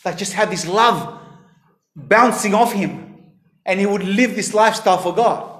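High-voiced earnest male preacher, echoey room. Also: a little slow, fairly bright tone. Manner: earnest, rises to emphatic peaks then drops low. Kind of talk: sermon.

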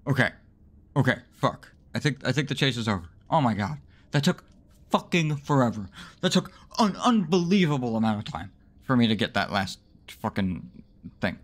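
Commentating his own gameplay at a normal speed, a man swears and mocks himself through exasperated rants. His delivery is expressive, and frustration pulls sudden high yelps out of him.

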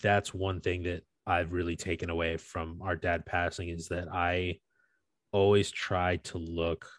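Laid-back young man with a low voice. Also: measured pace, no room sound, studio quality. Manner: animated storytelling, swears freely, laughs often. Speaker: podcast co-host. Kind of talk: casual chat.

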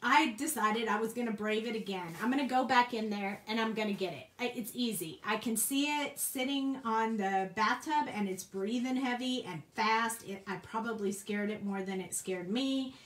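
A woman hosting a crafting video, telling a lively story in a casual way, laughing often and acting out the people she quotes. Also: a little high, normal speed, hardly any pauses. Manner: animated, laughs often, acts out quoted voices. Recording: echoey room.

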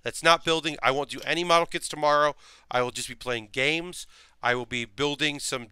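The voice is a man's, fairly high and steady, brisk in pace, with a bright, forceful, smooth tone and a dry recording. He's live-streaming a model build, half asleep and yawning, rambling, thinking aloud, and muttering to himself as he goes.

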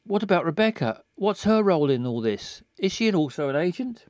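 A man's voice: high-pitched, big pitch swings, brisk, a little mellow, no echo, studio quality. A man reading the lines of a worried young woman, asking anxious questions.

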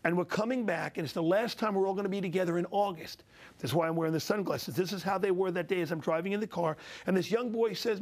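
Middle-aged guy with a high voice, preachy and heartfelt, repeats lines for punch. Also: fast talker. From Italian-American. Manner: passionate, preacherly, repeats phrases for emphasis. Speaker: guest speaker. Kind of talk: emotional storytelling.

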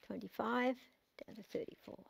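A middle-aged woman with an Australian accent preaching a sermon, reading scripture aloud and slowing down to stress key phrases with emphatic repetition. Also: on the high side, steady tone, vocal fry, breathy edge.

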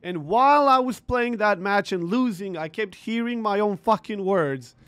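A man's voice: high-pitched, expressive, moderate pace, a bit bright, smooth, no room sound. A man ranting about a tournament over gameplay, frustrated and swearing, repeating himself as he tells the story. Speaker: gaming streamer.

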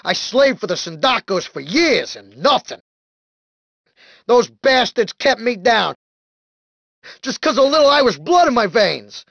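A jittery, sleazy mobster wannabe from a crime video game. He rambles and whines in a gravelly, fry-edged voice. His pitch leaps all over the place as he frets and schemes. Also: sing-song, a bit bright, no echo, muffled recording, heavily acted. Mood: excited. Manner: whiny, panicky and fast-rambling. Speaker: game character.

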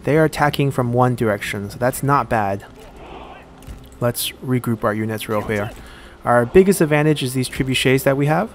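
A man giving casual let's-play commentary while he plays a strategy game, thinking aloud and pausing often on fillers. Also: mid-range voice, slight background noise. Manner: thinks aloud, halting with frequent "uh".

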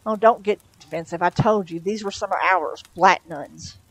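A woman's voice: fairly low pitch, moderate pace, a little hiss or hum, lightly acted, low-quality recording. A woman reading a storybook and voicing a sly, mocking male demon. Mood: breezy. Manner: breezy, mocking.

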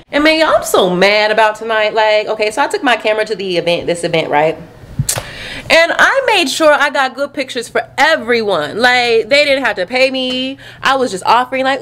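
A woman's voice: a little high, animated, moderate pace, fairly bright tone. A young woman with a Southern US accent chatting casually to her viewers in a vlog, sassy and talkative, calling them y'all and honey. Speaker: vlogger. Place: home closet.

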